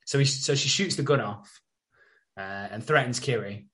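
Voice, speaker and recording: A man's voice: medium pitch, normal speed, fairly bright tone. A man casually recapping a TV episode as a podcast host, chatty and sweary, laughing as he goes.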